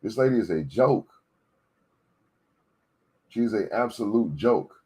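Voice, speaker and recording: A man with a very low voice that carries a husky edge gives a political rant. He hammers points home by repeating them and keeps checking in with whoever is listening. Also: lively intonation, slow, dark tone. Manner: emphatic, repetitive, preachy. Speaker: political commentator. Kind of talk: ranting commentary.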